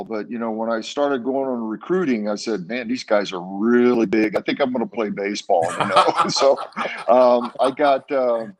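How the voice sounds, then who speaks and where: An older man, a former ballplayer, recounting his career in a casual interview with many fillers and restarts. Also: medium pitch. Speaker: guest, former baseball player.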